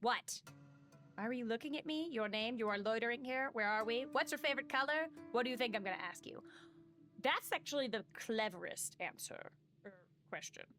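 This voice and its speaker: A woman's voice: on the high side, expressive, brisk, a bit bright, faint music behind. A woman streaming a game live, chatting casually and reading game text aloud, swearing and joking about herself. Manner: chatty, self-mocking, swearing.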